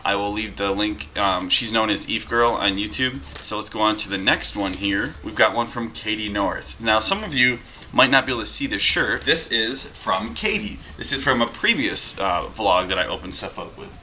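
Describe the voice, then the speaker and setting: A man's voice: on the low side, normal speed, pushed and bright, slight background noise. A man in his thirties from Western New York, chatting casually as he reads viewer mail aloud with asides, at home with his dogs. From Western New York, USA. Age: 30s. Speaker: vlogger reading viewer mail. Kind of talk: casual vlog. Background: dogs wrestling.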